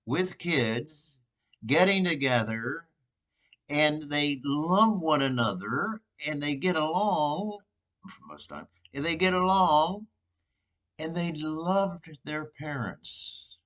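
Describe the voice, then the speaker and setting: An older man, a priest, giving an informal, rambling sermon reflection with pauses and restarts. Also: medium pitch, fairly bright tone.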